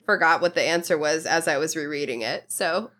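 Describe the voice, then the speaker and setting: A woman co-hosting a podcast, chatting casually with quick asides. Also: deep voice, bright, forceful tone. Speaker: podcast co-host. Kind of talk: casual chat.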